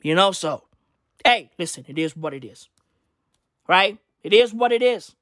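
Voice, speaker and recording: A man's voice: high-pitched, animated, a little slow, a bit bright, no echo, studio quality. Profane, slangy man ranting. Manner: profane, slangy, rambling with rhetorical "right?". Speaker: vlogger. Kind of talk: casual ranting monologue.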